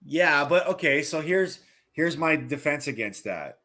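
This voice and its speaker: A man's voice: on the high side, expressive, unhurried, pushed and bright. A man who is a former pro hockey player, chatting as an analyst on a betting podcast, teasing and telling stories with animation. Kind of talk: casual sports betting banter.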